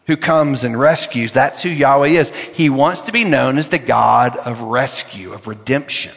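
A man's voice: medium pitch, normal speed, creaky, few pauses, a bit bright, long reverb tail. An older man, a pastor, preaching a sermon with emphatic repetition of key words.

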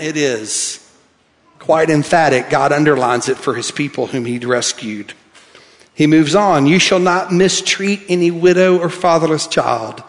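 Man preaching in a reverberant hall. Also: on the high side. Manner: reads scripture aloud, wide swings from soft to emphatic. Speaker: pastor. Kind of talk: sermon.

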